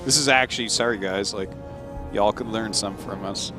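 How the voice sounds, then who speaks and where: A man commentating a live game, trading dry jokes and quick analysis. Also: lowish voice, music in the background. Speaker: esports commentator.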